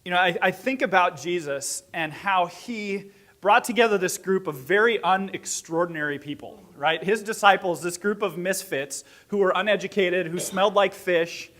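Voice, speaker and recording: A man giving an inspirational talk to a gathering, telling a story with lively acted-out dialogue and laughing at himself. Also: high voice, moderate pace. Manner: animated, acts out quoted dialogue, laughs at own story. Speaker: speaker at a gathering.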